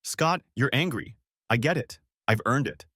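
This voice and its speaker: A man's voice: medium pitch, animated, normal speed, fairly bright tone, slightly rough, dry recording, clean studio sound. A man reading a story aloud, voicing a tearful wife who pleads with her husband in an audiobook. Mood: pleading. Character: pleading adult wife caught cheating.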